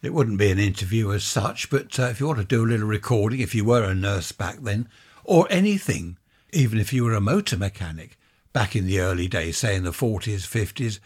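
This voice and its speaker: Older English man, host, low and husky, meandering chat with chuckles. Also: expressive, brisk, a little mellow. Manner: chatty, wandering, with chuckling asides. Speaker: podcast host. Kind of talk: rambling casual monologue.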